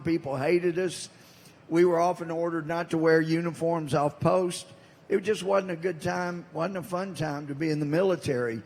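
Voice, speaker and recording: Older Southern-accented congressman addressing a crowd, folksy storyteller who hits his punchlines hard, slightly high voice, lingering hall echo. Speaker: congressman giving a speech. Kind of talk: speech to a live audience. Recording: long hall reverb.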